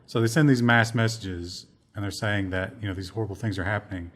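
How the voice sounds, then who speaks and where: A man's voice: fairly low pitch, steady tone, fairly quick, fairly bright tone. A man co-hosting a casual tech news discussion, sardonic, acting out quoted people in mocking voices. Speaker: co-host.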